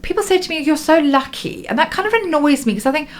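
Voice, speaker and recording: Lively, higher-voiced woman radio host. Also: very fast. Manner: enthusiastic and expressive, reacting warmly to her guest. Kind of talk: casual radio interview.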